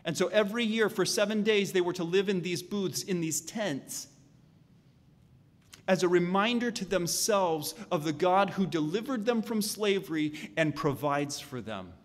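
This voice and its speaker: A man preaching a sermon as a pastor, animated and acting out the voices of the people in his story. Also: high-pitched, normal speed. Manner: animated, acts out voices of the Israelites and God. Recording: long hall reverb.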